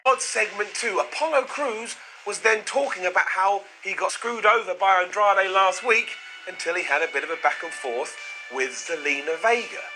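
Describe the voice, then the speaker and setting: A man hosting a comedic wrestling recap, excitable and sarcastic, with quick put-on asides. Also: high voice, music in the background, low-quality recording. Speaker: wrestling show reviewer, host.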